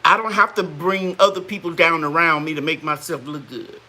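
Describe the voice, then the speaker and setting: A woman's voice: deep voice, fairly even intonation, a little fast, bright, forceful tone. A woman hosting a live gardening chat, folksy and chatty, greeting viewers and laughing often. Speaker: gardening channel host.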